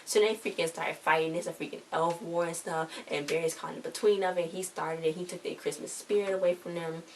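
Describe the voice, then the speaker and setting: A woman excitedly retelling a TV episode in a casual, rambling way, full of slang. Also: fairly low pitch, a little fast. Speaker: episode reviewer. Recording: distant mic with faint hiss.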